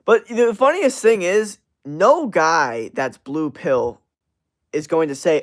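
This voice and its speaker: A young man hosting a livestream, chatting casually and reacting to viewer comments in a rambling, profane, animated way with lots of fillers. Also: a little high, takes it slowly. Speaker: livestream host.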